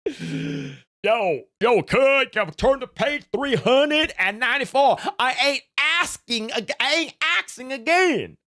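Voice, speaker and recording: A man's voice: extremely high pitch, animated, slow, voice pushed up, heavily acted. A man voicing a swaggering, street-tough male wizard teacher who barks orders at his class. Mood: bossy. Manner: shouty, bossy, threatening.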